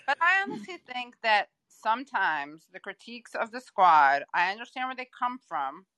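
A woman talks as a guest on a political podcast, her voice bright and forceful. She hedges and searches for words earnestly. The sound is dry with no room echo. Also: a little high, big pitch swings, normal speed. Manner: earnest, hedging, many fillers. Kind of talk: casual political chat.

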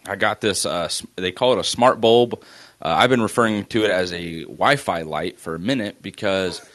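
Brief: young male podcast co-host, low voice, animated storyteller who swears freely. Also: moderate pace. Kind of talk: casual chat.

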